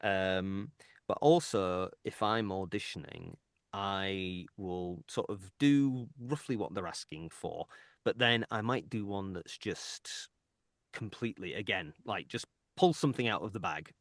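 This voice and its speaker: A man's voice: low voice, a little slow, dry recording, studio quality. A man with a Hull accent, a voice actor guest explaining his craft in a thoughtful, chatty way with fillers and asides. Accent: Hull English. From England. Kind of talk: casual interview chat.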